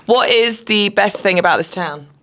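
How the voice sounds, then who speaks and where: A woman's voice: mid-range voice, normal speed, a bit bright, slight background noise. A woman hosting a podcast, asking short, upbeat interview questions. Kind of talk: casual interview.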